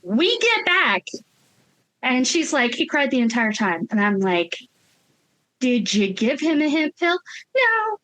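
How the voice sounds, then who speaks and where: A woman tells a story on a casual podcast. She is animated, acts out each person she quotes and laughs often as she goes. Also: on the high side, measured pace, long pauses. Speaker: podcast co-host.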